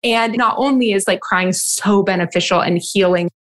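A woman's voice: medium pitch, normal speed. A woman hosting a podcast, talking through ideas in a reflective, conversational way with many asides. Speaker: podcast host. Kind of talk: casual conversation.

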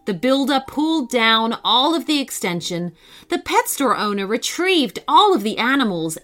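Bright, lively woman telling a children's story. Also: mid-range voice. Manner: expressive, sing-song storytelling. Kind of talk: scripted children's story narration. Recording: faint background music.

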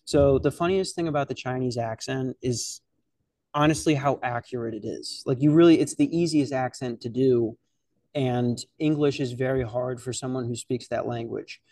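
With a darkish, medium-pitched voice at a moderate pace, this podcast host, a beginner stand-up comic, rambles casually and profanely through an open mic comedy story, restarting often. The audio is clean studio sound with no room sound.

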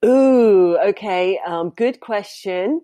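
A woman's voice: medium pitch, takes it slowly, dark tone, dry recording. A woman, a professional dominatrix, answering interview questions in a candid, chatty way and laughing easily.

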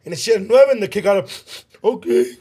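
Animated high-voiced Los man. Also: very fast, breathy edge. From Los Angeles. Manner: animated storyteller, swears freely, mixes in Spanish slang. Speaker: podcast co-host. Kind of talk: casual storytelling chat.

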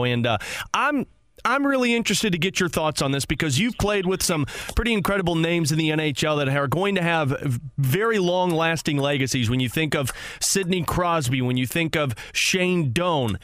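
A man hosts a sports radio show in a fairly high voice, recorded dry and close in the studio. He moves briskly through stats and segment intros. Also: fairly bright tone, no echo. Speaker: radio host.

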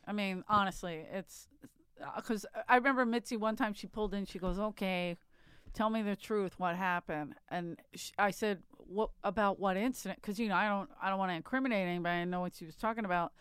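A woman's voice: medium pitch, quick pace, a bit bright, clean tone, no room sound. A woman co-hosting a casual chat, telling a story with frequent restarts and asides. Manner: chatty, laughs often, trails off and restarts. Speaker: podcast co-host.

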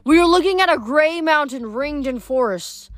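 A woman reading a novel aloud at a steady pace, with small slips and restarts. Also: sits high, normal speed, no echo, soft background music. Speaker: audiobook reader.

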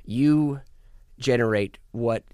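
A man's voice: medium pitch, slow, darkish tone, clear, resonant tone, no room sound, clean studio sound. A man guesting on a podcast as a musician, talking in a rambling, profane, casual way with frequent restarts. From United States. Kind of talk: casual chat.

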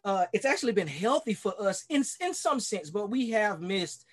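A man's voice: high-pitched, sing-song, moderate pace, husky. A man who is a pastor, talking as a guest in a casual podcast interview, earnest and enthusiastic, often restarting and repeating his words. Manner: talkative self-described extrovert.

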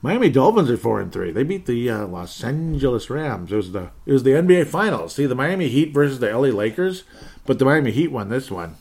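A man talks through the week's football results on his own podcast, in an average-pitched voice. He rambles and turns sarcastic, sighing and chuckling between scores. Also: sing-song, a little fast, a little mellow, breathy edge. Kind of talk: casual solo sports recap.

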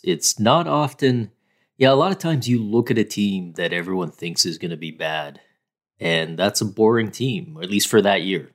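A male podcast co-host with a lowish voice. He makes his points emphatically and with firm opinions, in relaxed sports talk. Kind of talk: casual sports chat.

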